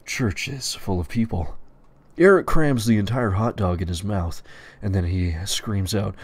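A man reading crude, profane stories aloud in a deadpan narrating voice. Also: fairly low pitch, unhurried, a crowd in the background. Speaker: storyteller.

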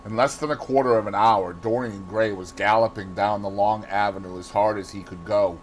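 A man with a Boston accent reading a classic novel aloud in expressive scripted narration. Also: on the low side, normal speed, few pauses, a little hiss or hum, low-quality recording. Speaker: audiobook reader.

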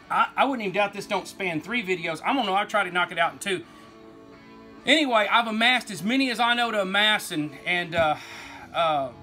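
A man's voice: on the high side, pushed and bright. A man with an East Texas accent, hosting a toy collecting vlog in a folksy, rambling way. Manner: rambling, folksy, says y'all, laughs easily. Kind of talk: casual rambling toy talk.

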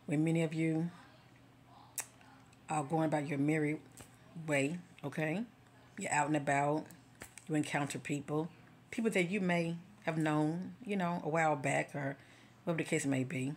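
A woman's voice: sits low, steady tone, moderate pace, long pauses, a little hiss or hum. A woman giving a casual spiritual encouragement talk to her followers, speaking directly and conversationally like a preacher, often checking in with "okay?" and "you know.". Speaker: spiritual vlogger.

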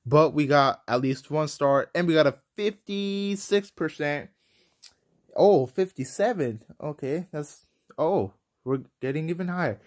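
A young man casually commentating his own gameplay, excitable and rambling, quick to get frustrated. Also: a little high. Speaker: gaming commentator.

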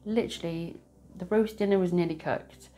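Chatty low-voiced woman. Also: normal speed, mellow, soft background music. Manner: chatty, rambling, laughs often. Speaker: tarot reader. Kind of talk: casual tarot reading to camera.

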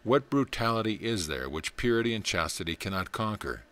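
A man with a low voice reads a spiritual text and its parable aloud. His narration is measured and earnest, steady from line to line. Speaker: audiobook reader. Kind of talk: scripted narration.

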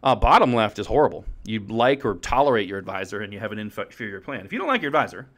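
A middle-aged man hosting a podcast about financial planning, energetic and jokey, swinging from loud outbursts to hushed asides. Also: on the low side, quick pace. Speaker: podcast host, financial advisor.

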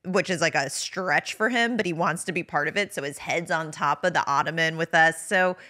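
Podcast co-host: woman, thirties, lowish and bright, casual and laughing. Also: fairly quick. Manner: warm, laughs often, affectionate storytelling. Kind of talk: casual chat.

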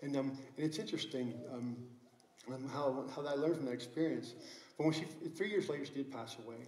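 A man's voice: medium pitch, brisk, darkish tone, reverberant, rough recording. A middle-aged man preaching a sermon as pastor, telling a story earnestly with many restarts. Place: church sanctuary.

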